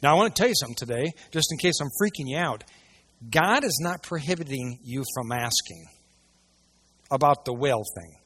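A man preaching a sermon to a church audience, swinging between hushed asides and loud, emphatic passages. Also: medium pitch, lively intonation, normal speed, breathy edge. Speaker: pastor.

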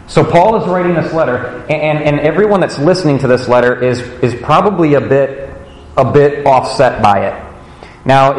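A man giving a sermon as a pastor, conversational and animated, telling stories with playful asides. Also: mid-range voice. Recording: roomy hall echo, faint noise.

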